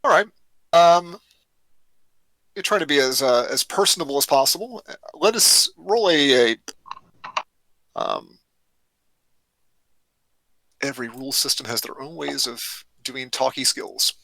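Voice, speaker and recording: A man's voice: medium pitch, a little slow, creaky, long pauses, sharp tone, poor audio. A man narrating as game master in a tabletop role-playing game, often hesitant and restarting his sentences. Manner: hesitant, many fillers and restarts.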